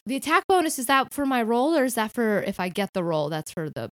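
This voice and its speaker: A woman's voice: a little high, sing-song, fast talker, fairly bright tone, no room sound. A woman playing a tabletop game, chatty and filling her talk with "like". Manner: chatty, lots of "like". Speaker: player. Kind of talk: casual tabletop play.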